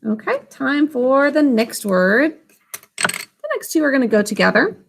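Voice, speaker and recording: A woman teaching a children's spelling lesson, sounding out words letter by letter and syllable by syllable in a slow, patient way. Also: sits high, big pitch swings, creaky. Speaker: literacy teacher.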